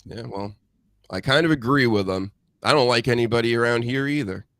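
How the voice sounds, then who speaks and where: Man, host, from New England, blunt crude banter, mid pitch, dry sound. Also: brisk, fairly bright tone, dry recording. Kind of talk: casual live-stream chat.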